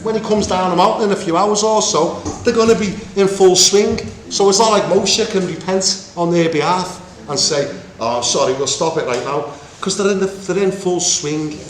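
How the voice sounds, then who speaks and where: A man preaching a Bible teaching, animated and acting out the voices in the story. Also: high-pitched, normal speed, hardly any pauses. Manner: animated, acts out voices of God and Moses. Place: meeting room with congregation. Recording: echoey room with faint ambience.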